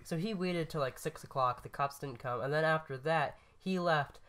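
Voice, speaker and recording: A man's voice: a little high, moderate pace, fairly bright tone. A man co-hosting a podcast, telling a story in casual chat, rambling and correcting himself, laughing at his own lines. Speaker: podcast co-host.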